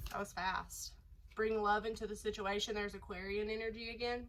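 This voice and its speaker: A woman's voice: medium pitch, steady tone, normal speed, very noisy. Chatty woman with a stuffy nose. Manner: chatty, rambling, lots of fillers. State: nasal from a cold. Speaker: tarot reader. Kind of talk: casual tarot reading to camera.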